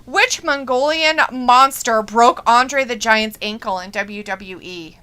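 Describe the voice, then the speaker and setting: A woman's voice: a little high, sharp tone, clean tone. A woman co-hosting a live watch-along show, chatting casually, laughing often and reading out viewer comments. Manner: giggly, reads chat messages in quick bursts.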